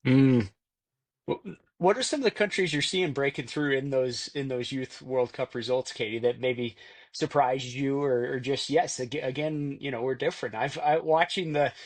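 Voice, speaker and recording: A man hosting a podcast, asking friendly questions in a halting way. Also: medium pitch. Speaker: podcast host. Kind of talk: casual podcast interview.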